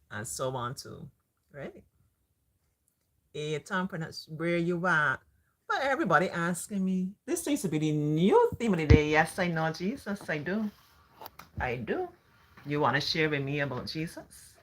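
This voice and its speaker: A middle-aged Barbadian woman chats on her livestream, answering viewers' comments as she goes. Her voice sits low but has a bright, forceful edge. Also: lively intonation, moderate pace. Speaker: livestream host. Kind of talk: casual livestream chat.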